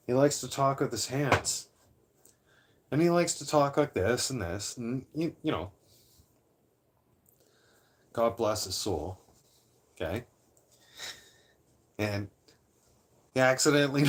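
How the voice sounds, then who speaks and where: Late-thirties male livestream host, casual and profane, rambles through a story with lots of restarts. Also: medium pitch. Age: 30s; late 30s. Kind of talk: casual storytelling to a live chat.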